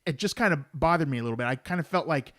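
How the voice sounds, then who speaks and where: A man's voice: a little high, racing, a bit bright, no room sound, studio quality. A man co-hosting a movie podcast in laid-back casual chat, hesitating often. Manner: laid-back, many ums and uhs. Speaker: podcast co-host.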